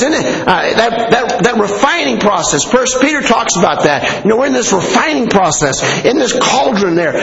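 A man's voice: sits high, very animated, normal speed, gravelly, hardly any pauses, a bit bright. A man preaching a sermon in an informal way, repeating phrases and putting questions to his listeners. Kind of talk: conversational sermon. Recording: echoey hall, slightly dull sound.

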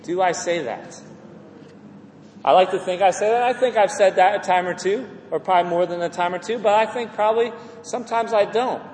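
A man preaching a sermon in a lively, animated way, often acting out quoted voices and repeating words as he builds a point. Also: high voice, fairly quick, a little hiss or hum. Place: church hall. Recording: echoey hall with faint ambience.

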